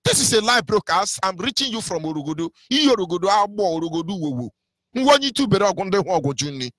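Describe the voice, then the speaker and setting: A man's voice: high-pitched, very animated, quick pace, fairly bright tone, no room sound, studio quality. A man with a Nigerian accent giving an impassioned live radio monologue, scornful and mocking, slipping into Igbo phrases. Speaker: radio broadcaster.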